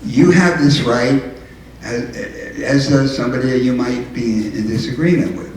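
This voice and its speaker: A man's voice: medium pitch, moderate pace. Older man, mayor, earnest speech, repeats himself, distant mic, very echoey hall, faint room hum. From New York City. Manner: earnest, emphatic, repeats and restarts phrases. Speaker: town mayor. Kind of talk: public speech to a local group.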